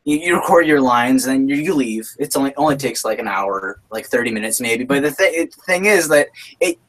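A man's voice: medium pitch, animated, a little fast, a bit bright, rough recording. A young man hosting a podcast, talking casually with lots of fillers. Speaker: podcast host.

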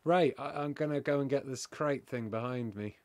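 A man's voice: mid-range voice, normal speed, a little mellow. A man chatting and joking casually while streaming a game with a friend, swearing now and then. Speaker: streamer playing online with a friend. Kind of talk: casual chat while gaming.

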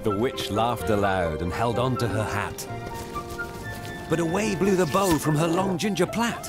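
A man's voice: mid-range voice, a little slow. A man narrating a rhyming children's story in a rhythmic storytelling manner. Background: music.

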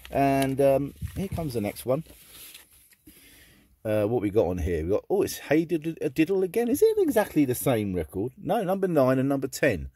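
A man talks on camera in a chatty, eager way, his voice husky. His pitch swings up and down, giving his talk a lively lilt. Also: moderate pace, no echo. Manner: chatty and enthusiastic. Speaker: record collector vlogger. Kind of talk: casual chat.

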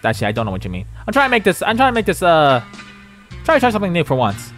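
A young man playing a horror game and reacting loudly, yelping and swearing at scares, then rambling through a recap. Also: fairly high pitch, rapid-fire, soft background music. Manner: excitable, yelps and swears at scares; rambling, self-correcting outro recap. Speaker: gaming YouTuber. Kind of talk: reactive gameplay commentary.

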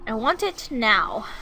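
A young woman giving excitable let's-play commentary, gushing and repeating herself as she plays. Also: fairly high pitch, slight background noise. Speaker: gaming YouTuber.

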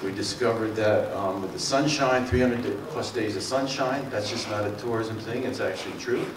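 A man's voice: fairly low pitch, moderate pace, reverberant, recorded from a distance, noisy background. A middle-aged man from the Mid-Atlantic with a Philadelphia and South Jersey accent, giving a folksy, rambling talk to a community forum, full of fillers and self-corrections. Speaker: water district speaker. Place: meeting room.

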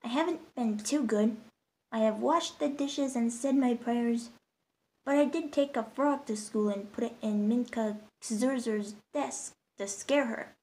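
A woman's voice: fairly high pitch, unhurried, a little mellow. A woman voicing a stubborn, hopeful young village girl who speaks wistfully.

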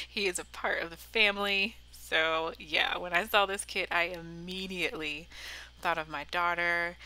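A woman's voice: lowish voice, pushed and bright, low-quality recording. A woman in her thirties chatting casually through a planner voiceover, a bit cracky-voiced, saying y'all and laughing often. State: slightly cracky voice. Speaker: planner vlogger. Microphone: voiceover mic.

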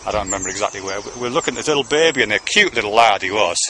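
A man's voice: fairly low pitch, lively intonation, racing, noisy background. A man talking to his son in a meandering, conversational monologue, swearing casually now and then. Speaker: father speaking to his son. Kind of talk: rambling monologue to camera.

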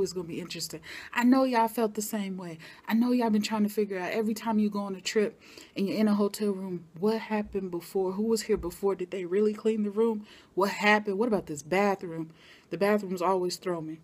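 Animated woman recapping a TV episode. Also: medium pitch. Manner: animated, talks back at the characters. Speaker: TV recap vlogger.

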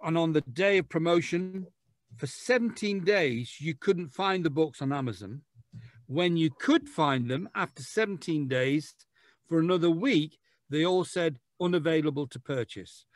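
A man, a guest author chatting on a podcast and telling jokey, lively stories. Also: on the high side, normal speed, no echo, clean studio sound. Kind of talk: casual podcast chat.

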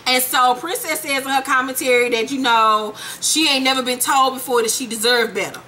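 A woman's voice: sits high, a little fast, sharp tone, a little hiss or hum. A woman hosting a casual gossip recap of a reality show, profane and sassy, acting out the voices of the people in it.

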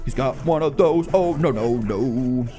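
A man giving live commentary over his own mobile game matches, casual and excitable, often breaking into loud disbelieving shouts. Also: medium pitch, unhurried, over music. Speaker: gaming channel host.

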